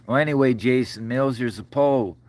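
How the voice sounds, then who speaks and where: A middle-aged man with a mid-range, slightly mellow voice hosts a casual livestream at a moderate pace. He rambles in a folksy way, calling viewers brother and sir, and gets choked up, his voice breaking.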